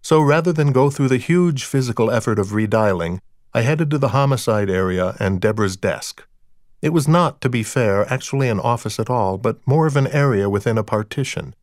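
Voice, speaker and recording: Dry deadpan male audiobook narrator. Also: medium pitch, brisk, no room sound. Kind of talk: first-person audiobook narration.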